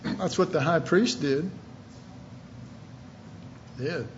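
A man preaching a sermon, reading scripture aloud and pressing his points with emphatic, sometimes shouted questions. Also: on the high side, takes it slowly, highs cut off, a little hiss or hum. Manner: reads scripture aloud in King James wording.

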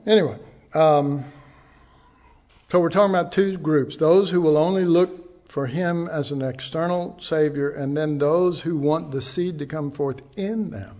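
A man delivering a sermon at an unhurried pace, his voice sitting a little high for a man. He teaches conversationally, tossing in asides and rhetorical questions to the congregation. The recording sounds somewhat dull and lo-fi. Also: darkish tone. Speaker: pastor.

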